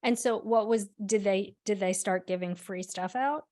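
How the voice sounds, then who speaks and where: A woman co-hosting a podcast in casual chat, self-deprecating and quick to laugh. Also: medium pitch, dark tone. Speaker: podcast co-host.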